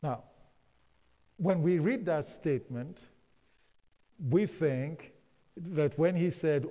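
A man's voice: a little high, slow, pauses often, warm tone. A man preaching a sermon, calling on the congregation to answer and repeating phrases for emphasis. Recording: long hall reverb.

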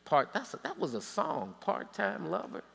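A man pastor preaching a sermon in an animated way, with humorous asides. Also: sits high, moderate pace, gravelly, a crowd in the background. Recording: long reverb in a large hall.

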